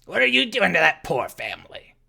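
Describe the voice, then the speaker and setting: A woman voicing a huge, gruff, watchful half-orc woman who speaks in loud, threatening barks. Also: medium pitch, expressive, normal speed, pitched above the performer's own voice.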